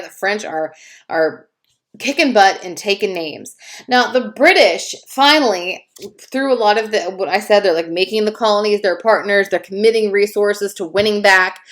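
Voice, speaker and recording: A woman giving a casual history lecture, talking conversationally with fillers and little acted asides. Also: mid-range voice.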